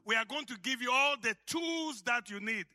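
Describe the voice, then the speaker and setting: A man with an African accent preaching a sermon as pastor, emphatic and rising to shouts. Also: very high voice, lively intonation, moderate pace, no room sound, faint music behind.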